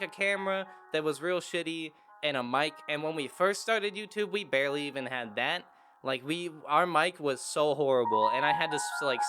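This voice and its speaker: A young man talking casually to camera as a YouTuber, rambling and self-correcting with lots of fillers. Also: on the high side. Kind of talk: casual rambling vlog talk. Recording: music playing clearly underneath.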